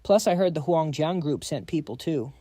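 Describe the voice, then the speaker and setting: A man's voice: on the high side, lively intonation, normal speed, dark tone, dry recording. A man voicing a young rich daughter who is cute, pushy and teasing. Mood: pleading. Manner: pleading and teasing.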